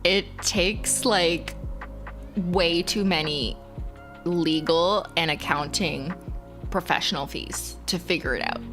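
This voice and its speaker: A Canadian woman in her thirties with a fairly low voice chats through a livestream, talking loosely with lots of "like" and soft laughs. Her slight Canadian accent comes through. Faint music plays behind her. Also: slow. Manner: chatty, laid-back, filler-heavy with frequent "like" and laughs. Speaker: livestream host. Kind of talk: casual livestream chat, reading and answering chat.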